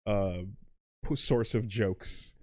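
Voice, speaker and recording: Recorded dry with a clean studio sound, a lowish-voiced man speaks slowly. His casual gaming commentary on a let's play wanders and restarts mid-sentence, full of self-interruptions and loud bursts of laughter.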